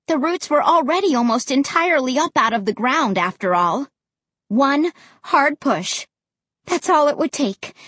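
A woman narrating a spooky children's novel aloud, acting out the characters' lines with dramatic energy. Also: no echo. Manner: dramatic, voices characters with big pitch jumps. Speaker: audiobook narrator. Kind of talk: expressive audiobook narration.

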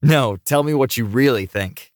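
A man voicing a big, modest young male quarterback who talks in a relaxed, gently teasing way. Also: mid-range voice, moderate pace, dry recording, studio quality, voice pushed up, natural voice. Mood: easygoing.

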